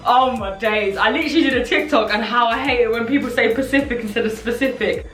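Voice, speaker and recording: In a confessional vlog, a young content creator talks to camera in a rambling, candid, self-reflective way. Her voice is fairly high and fast. The room is echoey, the mic is distant, and soft music plays.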